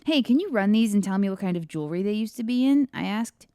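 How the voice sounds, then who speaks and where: A woman's voice: mid-range voice, animated, dark tone, clear, resonant tone, no room sound, clean studio sound. Woman reading her story aloud on a podcast. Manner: laughs often, quick asides. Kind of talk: reading aloud with casual chat asides.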